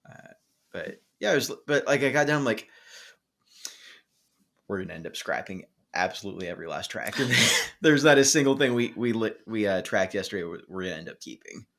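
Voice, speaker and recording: A man's voice: on the low side, lively intonation, brisk, fairly bright tone. A man co-hosting a music podcast, telling a rambling story in casual chat with plenty of fillers and restarts. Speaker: podcast co-host.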